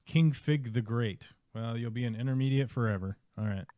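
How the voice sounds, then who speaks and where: A man talks through his game in a casual, muttering, wry way, like a streamer thinking out loud. His voice sits at an ordinary middle pitch. The sound is dry and close, with no room around it. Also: fairly quick, no room sound. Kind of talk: casual live gameplay commentary.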